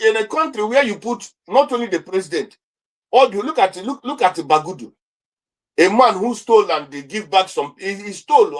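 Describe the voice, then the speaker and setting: A middle-aged man with a Nigerian accent, an interview guest giving indignant political commentary full of rhetorical questions, often repeating and restarting words. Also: high voice.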